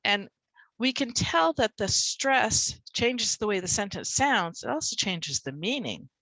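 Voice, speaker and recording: A woman tutor talks other teachers through her method in a conversational way, now and then leaning hard on single words to show the stress. Her voice sits at an ordinary middle pitch, and the video-call sound is close and dry. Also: very animated, a little slow, pushed and bright, dry recording, low-quality recording. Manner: conversational, demonstrates stressed words with extra punch. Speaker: reading and spelling tutor.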